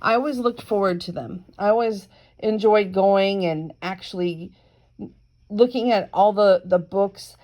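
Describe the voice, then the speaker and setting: A woman reading a children's picture book aloud, slow and careful, with chatty asides between pages. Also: mid-range voice, dark tone. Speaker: reader.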